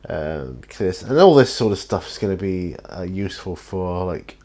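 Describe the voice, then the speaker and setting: A man's voice: low-pitched, lively intonation, normal speed, dark tone. A man chatting casually while painting miniatures in his home studio, rambling and self-deprecating, tired and yawning often. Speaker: hobby painting vlogger.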